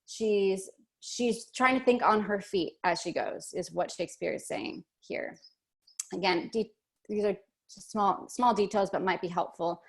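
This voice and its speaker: A woman's voice: mid-range voice, a little slow. A woman teaching an online workshop lesson, chatty and thinking aloud with many fillers and restarts.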